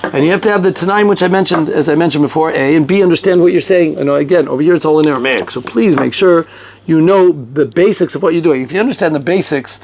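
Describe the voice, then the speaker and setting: Guy giving a torah class, kinda high voice, animated, throws in hebrew terms, lots of restarts. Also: fast talker, a little hiss or hum. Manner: animated, conversational, mixes Hebrew and Yiddish terms, frequent restarts. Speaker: Torah teacher. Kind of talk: halacha lesson.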